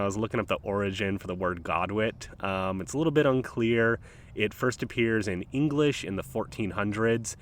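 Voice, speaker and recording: A low-voiced man hosts his nature podcast in an easygoing, chatty way, sprinkling his talk with ums and uhs. He records outdoors at the water's edge in a park. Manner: laid-back, rambling, frequent ums and uhs. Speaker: podcast host. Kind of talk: casual solo nature podcast.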